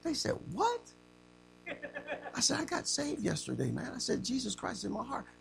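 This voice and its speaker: A man preaching an interactive sermon to a class, asking the room questions and acting out stories with slow, emphatic delivery. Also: very high voice, big pitch swings, creaky, fairly bright tone, a little hiss or hum.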